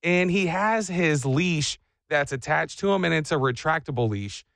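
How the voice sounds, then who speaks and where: Brief: male host, high and lively voice, dry close sound, comic storyteller. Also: normal speed, creaky, no echo. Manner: animated storyteller who acts out voices. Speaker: radio show host. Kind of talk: casual comedic chat.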